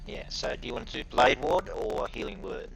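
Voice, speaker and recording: A man running an online tabletop game as game master, talking haltingly with many fillers. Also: a bit bright, faint music behind, rough recording.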